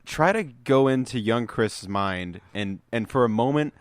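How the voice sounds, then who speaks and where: A man's voice: mid-range voice, animated, measured pace, dry recording. A man co-hosting a casual movie commentary podcast, blunt and sarcastic, swearing freely. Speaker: podcast co-host.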